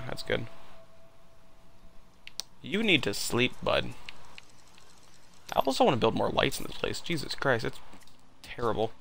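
A man's voice: medium pitch, creaky, bright, forceful tone, slight background noise. A man giving casual gameplay commentary with joking, profane asides.

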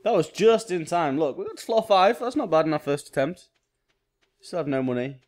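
A man's voice: on the high side, lively intonation, a little fast. A man hosting a gaming channel, giving casual let's-play commentary and thinking aloud with small exclamations.

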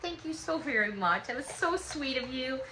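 A woman's voice: sits high, expressive, normal speed, slight background noise, poor audio. A woman in her fifties chatting casually and gratefully as she opens fan mail. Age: 50s. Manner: warm, gushing, chatty and thankful. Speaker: vlogger opening fan mail. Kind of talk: casual chat.

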